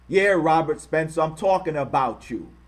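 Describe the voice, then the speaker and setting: A man with a slightly high, expressive voice speaks at a normal pace. He's a channel host reading quotes in heated commentary, angrily insulting his target and repeating himself for emphasis, while claiming he's trying to rein in his harsh language.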